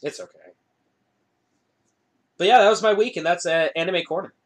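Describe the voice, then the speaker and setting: A man's voice: high-pitched, normal speed. A man co-hosting a podcast in casual chat, blunt and playfully opinionated, swearing freely. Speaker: podcast co-host.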